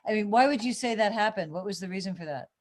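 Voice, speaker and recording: A female co-host with a middle-pitched voice asks interview questions over a video call. She sounds curious and gently inquiring. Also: fast, slight background noise.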